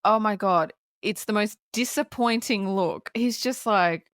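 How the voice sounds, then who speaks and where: A woman co-hosting a movie podcast, recapping a comedy film plot in a casual, animated way and laughing often. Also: medium pitch, measured pace, dry recording, studio quality. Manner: animated retelling, laughs often, quotes characters. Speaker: podcast co-host.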